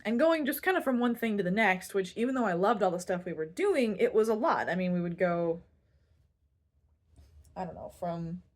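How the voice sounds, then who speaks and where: A woman's voice: mid-range voice, animated, normal speed, darkish tone. A young woman vlogger telling a personal story in a candid, self-deprecating way, rambling a little and restarting her sentences.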